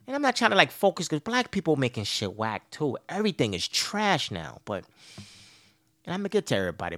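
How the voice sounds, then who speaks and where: Animated, profane male podcast host. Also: on the high side, fairly quick. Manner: petty, exasperated complaining. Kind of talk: casual ranting monologue.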